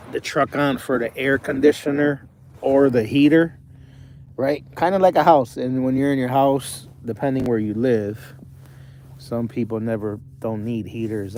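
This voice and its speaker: A man's voice: medium pitch, darkish tone, a little hiss or hum. A young man livestreaming from his parked truck cab, rambling casually while reading out viewer comments. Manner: rambling, chatty, self-correcting.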